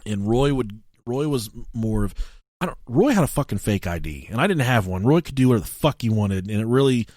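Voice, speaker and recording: A young man tells breakup stories on a podcast, his pitch swooping up and down as he gets worked up. He swears freely and shouts out the lines he acts. The sound is dry and close to the mic. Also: brisk, dry recording. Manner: animated storyteller, swears a lot, shouts when acting out scenes. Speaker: podcast co-host. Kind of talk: casual podcast chat, reading and telling stories.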